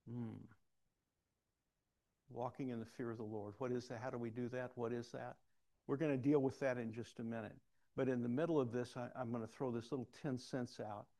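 Man, preacher, gravelly voice, mid pitch, casual storytelling sermon. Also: warm tone. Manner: conversational, self-deprecating storytelling.

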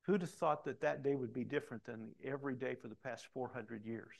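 A middle-aged man preaching a sermon, reading scripture aloud and breaking off into animated asides, loud for quoted lines and hushed for comments. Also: mid-range voice, brisk, gravelly. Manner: animated, swings between loud emphatic reading and quiet asides. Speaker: pastor.

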